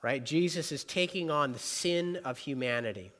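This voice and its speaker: A man preaching a sermon, talking plainly and with emphasis, then easing into a quiet prayer. His voice sits fairly high for a man. A long reverb from a large hall trails every phrase. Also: normal speed. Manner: animated preaching that drops to soft earnest prayer. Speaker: pastor.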